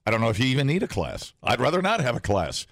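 A man's voice: mid-range voice, huge pitch swings, fast, fairly bright tone, dry recording. A man hosting a morning radio show, rambling and joking with plenty of fillers.

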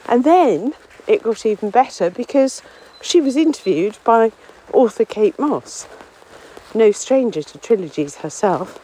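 A local author and podcast contributor records a casual spoken diary on a phone or portable recorder, without headphones, while walking among trees on a windy common. Slightly out of breath, she rambles in a self-deprecating way, her voice a little high, animated, slightly slow, warm and husky. The audio quality is poor.

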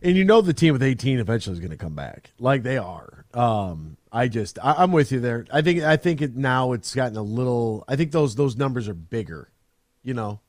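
Animated sports radio host, dry sound. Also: male voice, medium pitch, a little fast, no room sound. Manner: animated, rambling, mocks players with put-on quotes. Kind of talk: casual sports talk.

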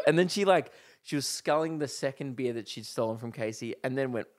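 A man's voice: medium pitch, quick pace, dry recording, studio quality. A man, a comedian co-hosting a podcast, telling a story in casual chat and acting out the voices of the people in it. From Australia. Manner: animated, acts out the voices in his story.

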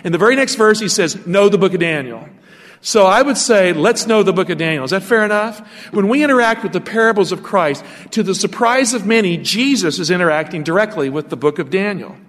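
A man's voice: sits high, animated, a little fast, fairly bright tone, big-room sound. A male pastor preaching a sermon, asking his listeners rhetorical questions as he teaches from scripture.

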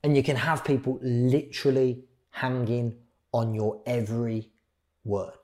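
A middle-aged man teaches a live workshop on public speaking. His voice is warm and dark, and he keeps changing his pace and loudness, from quick bursts to slow, quiet phrases. He uses pauses for effect. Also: medium pitch, flat delivery.

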